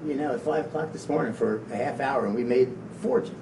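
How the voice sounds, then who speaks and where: Male motivational speaker, dark gravelly voice, rambling delivery, heard from afar in a roomy hall. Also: brisk. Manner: rambling, stumbling over repeated words. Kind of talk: live motivational talk to an audience. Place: event room. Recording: echoey room from a distance, faint low rumble.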